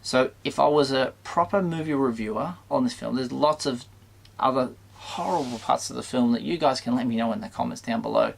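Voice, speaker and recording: A man who hosts a toy channel gives a casual spoken film review to camera in a gravelly, mid-range voice. His delivery is hesitant and halting with many restarts, and he sounds mildly exasperated and conflicted.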